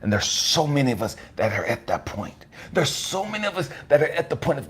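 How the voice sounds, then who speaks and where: A man giving an impassioned, profane motivational monologue, swinging between hushed whispers and raised outbursts. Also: medium pitch, big pitch swings, brisk, few pauses, slightly rough. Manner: profane, blunt street talk. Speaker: motivational speaker.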